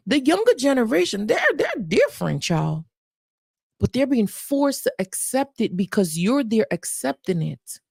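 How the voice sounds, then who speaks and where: A woman's voice: fairly high pitch, creaky, dry recording, studio quality. A Jamaican woman, a mother, hosting a live stream and speaking earnestly and emotionally, often repeating herself and addressing her viewers directly. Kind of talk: heartfelt live-stream talk.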